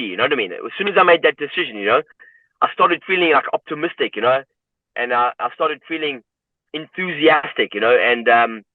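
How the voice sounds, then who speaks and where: Guest: man from South Africa, reflective storyteller, mid pitch, dry tinny call audio. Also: no room sound. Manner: reflective, repeats "you know" often. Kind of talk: personal story in interview. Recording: tinny phone-like line, dry.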